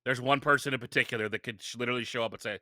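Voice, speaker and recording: Forceful, bright-voiced man telling stories. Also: mid-range voice, rapid-fire, no echo, studio quality. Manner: energetic storytelling with frequent restarts. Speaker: podcast guest. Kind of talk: casual interview talk.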